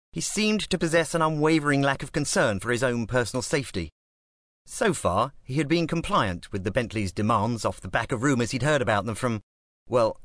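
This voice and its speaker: Reading scripted narration from a novel, this male audiobook narrator performs with lively storytelling flair. The pitch is medium, and the audio is studio quality without echo.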